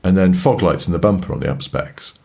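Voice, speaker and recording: A man from England co-hosting a podcast, chatting casually and telling anecdotes with lively put-on voices. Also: low-pitched, brisk, gravelly, breathy edge. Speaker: podcast co-host. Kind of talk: casual chat.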